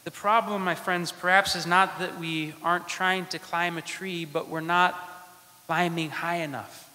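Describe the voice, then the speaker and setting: A male priest delivers a sermon in a slow, deliberate cadence, pausing between short phrases. His voice sits a little high and has a bright, forceful edge. The church gives it a long, ringing reverb. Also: fairly even intonation. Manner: slow, measured preaching with dramatic pauses.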